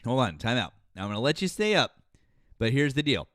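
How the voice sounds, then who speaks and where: A man's voice: mid-range voice, big pitch swings, a little fast, fairly bright tone, dry recording, clean studio sound. A man hosting a live political call-in stream, teasing and joking with callers. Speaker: host. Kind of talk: casual live call-in chat.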